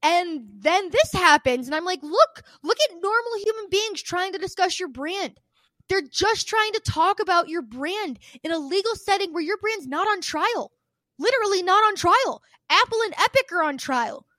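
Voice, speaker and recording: A woman with a high, bright voice riffs on a podcast in loose, casual chat. She rants with open exasperation, swears freely and slips into other voices to act out the people she quotes. The sound is dry and close, with no room around it. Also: lively intonation, normal speed, no echo. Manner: acts out quoted people with shifts of voice. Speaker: podcast co-host.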